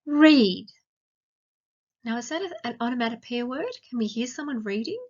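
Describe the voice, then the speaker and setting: An Australian woman teaching a grammar lesson to young children, speaking slowly and clearly and asking lots of questions. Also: a little high, lively intonation, noisy background. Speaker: primary school teacher. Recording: dull lo-fi sound.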